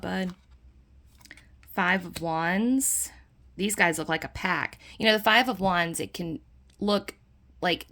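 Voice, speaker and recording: A woman's voice: on the low side, a bit bright. Chatty woman flipping through tarot cards. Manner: chatty, enthusiastic, full of fillers; puts on playful dog voices in quotes. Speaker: tarot deck reviewer. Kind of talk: casual deck flip-through.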